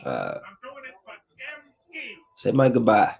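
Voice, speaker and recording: A man's voice: on the low side, wildly swooping pitch, very slow, creaky, a little mellow. Casual heartfelt man hosting a podcast. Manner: loose and heartfelt, drifting between grief and upbeat chatter. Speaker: podcast host. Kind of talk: casual solo podcast talk.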